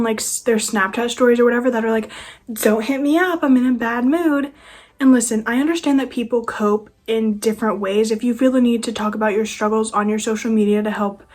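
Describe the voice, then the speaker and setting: Sarcastic husky-voiced young woman. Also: on the high side, darkish tone. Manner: sarcastic, exasperated. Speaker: vlogger. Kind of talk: casual rant.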